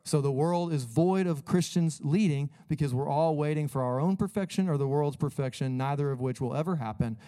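Conversational male preacher, earnest delivery, a touch high, mellow-toned. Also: a little fast, hardly any pauses, smooth. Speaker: pastor. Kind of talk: sermon.

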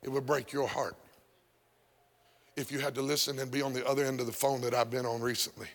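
Man, pastor, sermon, bright forceful tone, shouts and sung lines, echoey church hall. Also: medium pitch, level tone, a little fast, vocal fry. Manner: preaching with sudden shouts and sung phrases, then dropping to a hush. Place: church sanctuary.

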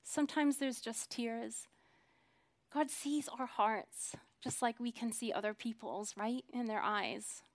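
A woman's voice: fairly high pitch, takes it slowly. Earnest woman preaching, whispering and swelling. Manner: earnest, swinging from hushed whispers to emphatic swells. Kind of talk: sermon.

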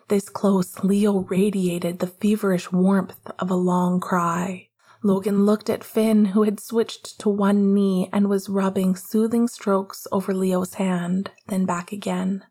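A woman narrating a novel in a soft, quiet reading voice. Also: mid-range voice, slightly rough. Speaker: audiobook narrator. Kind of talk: scripted narration.

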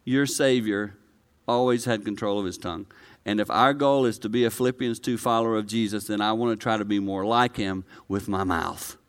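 A male pastor preaching a conversational sermon to a live congregation, swinging from quiet, low delivery to loud, high-pitched excitement. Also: a little fast, clean tone. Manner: conversational, personal preaching with direct address.

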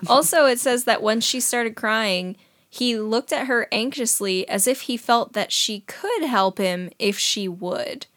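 A woman's voice: on the high side, unhurried, a bit bright. A woman in a casual podcast chat, retelling a book with wry, joking asides. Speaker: podcast co-host. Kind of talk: casual book discussion with read-aloud passages.

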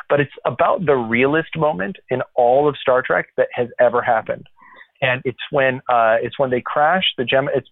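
Man podcast host, excitable and rambling, tinny phone-like sound, dry. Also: mid-range voice, no room sound. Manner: enthusiastic, rambling with many restarts. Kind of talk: casual chat. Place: corner of his house.

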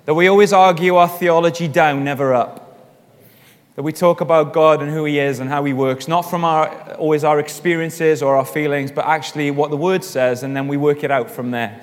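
Man leading a church group, reverberant hall. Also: a little high. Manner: chatty and encouraging, with quick asides. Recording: long reverb in a large hall.

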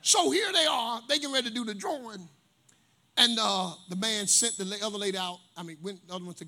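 A man's voice: high voice, fast talker. A male pastor preaching a sermon, telling stories and calling on the congregation to respond. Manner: animated preacher, storytelling with call-and-response.

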